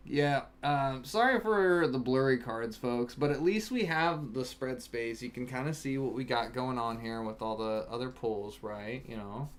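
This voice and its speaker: A man casually chatting on a home stream while opening card packs, breaking into excited shouts over good pulls. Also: mid-range voice, unhurried, few pauses. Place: home, in Alaska. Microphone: webcam setup.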